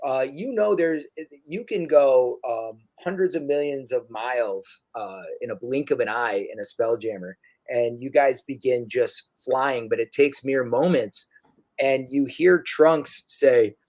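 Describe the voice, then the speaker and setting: A young man narrating as dungeon master in a relaxed, halting way with many fillers. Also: medium pitch. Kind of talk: narrating a tabletop game.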